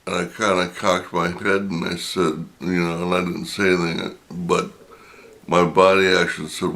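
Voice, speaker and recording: A middle-aged man, slowly telling a personal anecdote in a casual, drawn-out way. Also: low voice, level tone, creaky, fairly bright tone. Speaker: storyteller.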